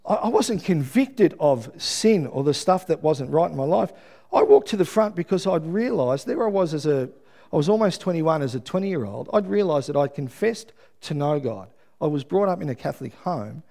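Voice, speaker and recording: A middle-aged Australian man preaching a sermon, telling a personal story with lively, acted-out quotes and asides. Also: a little high, normal speed, gravelly. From Melbourne, Australia.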